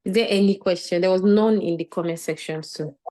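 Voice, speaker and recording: A woman's voice: on the low side, brisk. A woman chairing an online community session over a video call, keeping time and thanking speakers with church phrasing. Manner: warm thanks, light laughter, church phrasing. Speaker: moderator.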